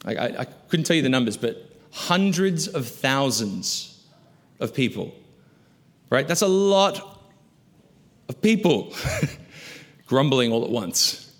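A male pastor preaching a sermon, asking rhetorical questions and moving between loud emphasis and hushed, low asides. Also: very animated, slow, pauses often. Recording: long reverb of a large hall.

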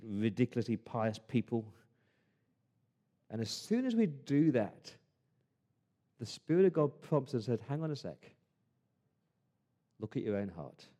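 Aussie pastor preaching, warm mellow voice, chatty but punchy, drops to quiet asides. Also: male voice, mid-range voice. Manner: conversational, emphatic, swings between loud stresses and hushed asides. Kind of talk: sermon.

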